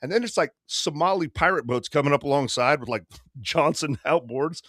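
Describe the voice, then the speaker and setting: Animated, profane man telling stories. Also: a little high, no room sound, studio quality. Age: 50s. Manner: profane, animated storyteller doing quick voices. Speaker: podcast co-host. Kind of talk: casual storytelling.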